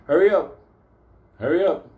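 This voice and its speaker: A man voicing a brash, reckless young male driver who talks back, pitched well above his own voice. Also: animated, fast talker, narrow, tinny audio, natural voice.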